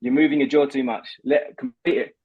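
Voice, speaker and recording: A man's voice: medium pitch, steady tone, a little fast, husky, highs cut off. A man working as a voice coach, patiently talking a guest through voice exercises over a video call. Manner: patient, instructive, repeats words when starting.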